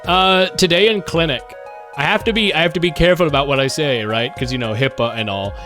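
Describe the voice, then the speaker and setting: A man in his twenties giving casual livestream commentary while gaming, animated and rambling, quick to launch into a rant. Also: on the high side, faint music behind. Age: 20s. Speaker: streamer.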